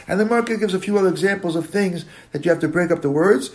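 A man teaching a daily Talmud class. He talks in a halting way, circles back to rephrase, and slowly sounds out words to show how they should be pronounced. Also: high-pitched, darkish tone.

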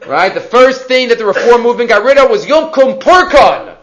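A man's voice: very high voice, normal speed. A man teaching a Haggadah class, acting out questions as he goes. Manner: animated, acts out the sons' questions, mixes Hebrew terms. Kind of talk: lively Torah lecture. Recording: dull lo-fi recording.

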